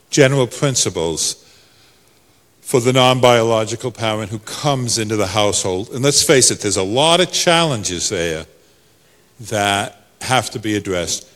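A male pastor, preaching a sermon that swings from soft to loud. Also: mid-range voice, in a large hall.

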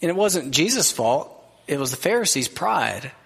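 A man preaching a sermon as pastor, earnest and conversational, dropping to a soft gentle voice for quoted words. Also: fairly high pitch, sing-song, normal speed, creaky, slightly rough. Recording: long reverb of a large hall.

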